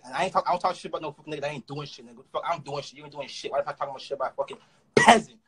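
A young man with a Toronto accent, ranting through a story fast and profanely, with frequent stammered restarts. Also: on the high side, fairly bright tone, breathy edge, rough recording. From Canada. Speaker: rapper. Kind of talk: casual storytelling rant.

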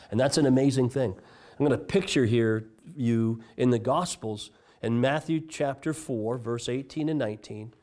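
A man's voice: mid-range voice, darkish tone. A man preaching a sermon as pastor, reading scripture aloud and stressing key phrases with earnest emphasis. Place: church.

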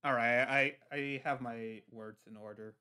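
A man roleplaying a god-like character in a livestream, talking slowly and haltingly with plenty of ums and restarts. His voice is smooth and resonant, at an ordinary middle pitch. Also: fairly even intonation, sharp tone. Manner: halting, many fillers and restarts. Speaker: lore roleplayer playing a god figure. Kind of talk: casual roleplay chat.

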